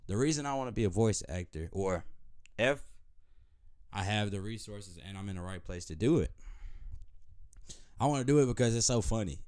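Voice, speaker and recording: Man, deep low voice, young adult, casual rambling monologue, loose conversational delivery. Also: a little mellow. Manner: meandering, loose and conversational, with many restarts. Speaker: vlogger.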